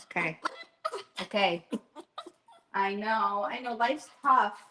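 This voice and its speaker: A woman streamer chatting casually while cooking at home, coaxing her dog in a high sing-song voice and reading chat aloud. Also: slow pace, background noise. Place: home kitchen.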